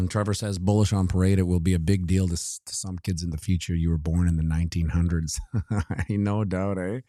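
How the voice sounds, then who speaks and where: A man's voice: sits low, steady tone, normal speed, dark tone, no echo, studio quality. A man giving casual, joking commentary on crypto charts while looking things up on his computer. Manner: joking asides, talks while scrolling.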